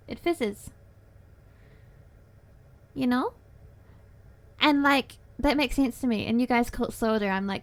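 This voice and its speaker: A woman's voice: a little high, lively intonation, a little slow, long pauses. A young woman livestreamer chatting casually with her viewers from her desk at home, playful and giggly, with cutesy baby-talk phrasing. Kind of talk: casual chat with stream viewers.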